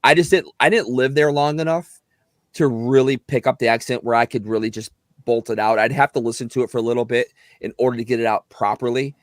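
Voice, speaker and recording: A man who works as a voice actor, chatting casually as a podcast guest in an animated, thinking-aloud way. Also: medium pitch, a little fast, no room sound, clean studio sound.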